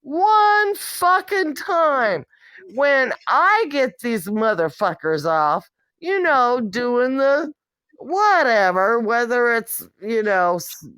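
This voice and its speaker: Woman venting on her vlog, slow and cussing, highish voice, dry close mic. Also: very animated, fairly bright tone, clear, resonant tone, no echo. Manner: blunt, profane, exasperated. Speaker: vlogger. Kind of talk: candid monologue rant.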